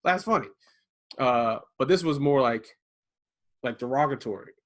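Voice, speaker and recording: A man co-hosting a casual podcast from his garage, telling stories with animated delivery and acting out the voices of people he quotes. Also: mid-range voice, moderate pace. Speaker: podcast co-host. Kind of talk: casual conversation. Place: home garage.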